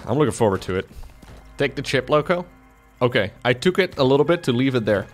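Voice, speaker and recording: A man in casual live-stream commentary while playing a game, excitable, laughing often and jumping to high yelps. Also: fairly quick. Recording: faint music behind the voice.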